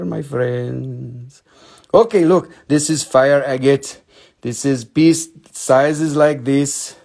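A man's voice: mid-range voice, vocal fry, a little mellow. A young man hosts a live mineral sales show, joking, teasing and swearing casually while slipping into silly put-on voices. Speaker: host selling minerals on a live stream.

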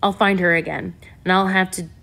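A woman's voice: lowish voice, little pitch movement, brisk, vocal fry, a bit bright. A woman reading a laid-back young tech operator. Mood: focused.

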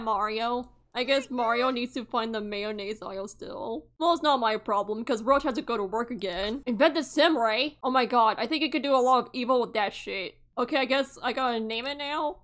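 A woman giving casual gameplay commentary, excitable and cursing freely, often laughing and shouting in mock outrage. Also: on the high side, normal speed, hardly any pauses. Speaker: gaming YouTuber.

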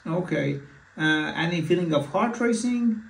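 With a high-sitting, animated voice and some vocal fry, a man unhurriedly plays a physician in a mock consultation, stumbling through fillers and restarts. The echoey, distant recording carries a little hiss or hum.

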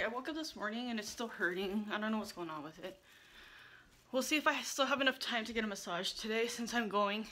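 A woman's voice: fairly high pitch, pushed and bright, slight background noise. A young woman chatting casually to her viewers while she does chores, a bit out of breath. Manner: chatty, self-deprecating, addresses viewers directly. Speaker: vlogger. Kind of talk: casual vlog chat. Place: at home, then in a car. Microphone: phone camera on a selfie stick.

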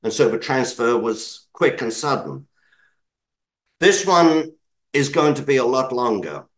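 With a medium-pitched, slightly bright voice that swings widely in pitch, a British market commentator answers interview questions unhurriedly over poor audio. He digresses, corrects himself, and adds apologetic side comments.

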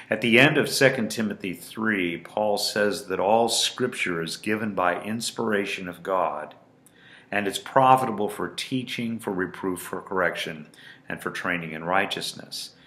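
Deep-voiced, slow, emphatic male preacher. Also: sharp tone. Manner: deliberate, emphatic preaching with repeated phrases. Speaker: pastor. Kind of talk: sermon. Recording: roomy echo.

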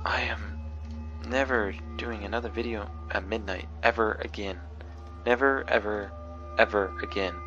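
A man's voice: fairly low pitch, steady tone, normal speed, muffled recording, over music. A man giving spooked gameplay commentary, jumpy and nervous, often repeating himself. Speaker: gaming video creator. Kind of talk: horror game commentary.

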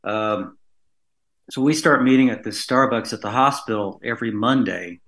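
A man's voice: on the low side, moderate pace, a bit bright. A man, a podcast guest, telling a long story in a casual, rambling way, full of fillers and restarts.

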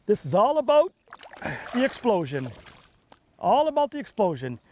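A man hosting a fishing show from a boat on a lake, talking in punchy, excitable, salesy bursts. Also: high-pitched, normal speed, slight background noise. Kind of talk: on-the-water fishing commentary.

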